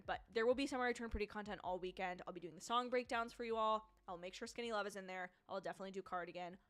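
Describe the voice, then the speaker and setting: A woman's voice: mid-range voice, a bit bright. A young woman hosting a live reaction stream, talking casually to her viewers in a chatty, gushing and emotional way. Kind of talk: casual livestream chat.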